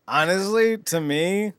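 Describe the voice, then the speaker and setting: A man co-hosting a wrestling podcast in casual chat, blunt, profane and quick to joke. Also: high voice, very noisy. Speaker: podcast co-host.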